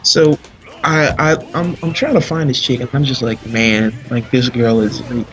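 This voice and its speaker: A man telling a long story in casual chat during a live game stream, animated and full of slang. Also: mid-range voice, normal speed, faint music behind. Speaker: stream commentator.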